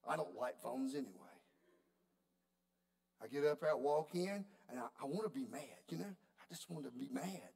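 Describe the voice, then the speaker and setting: A man preaching a sermon, telling a story in a folksy, animated way. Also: fairly high pitch, moderate pace, vocal fry. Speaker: pastor.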